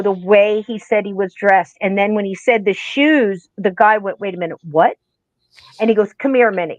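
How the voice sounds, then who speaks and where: A woman co-hosting a podcast, telling a ghost story in a casual, animated way and acting out the people she quotes. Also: on the high side, dry recording, dull audio. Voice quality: animated, acts out quoted voices. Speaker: podcast co-host.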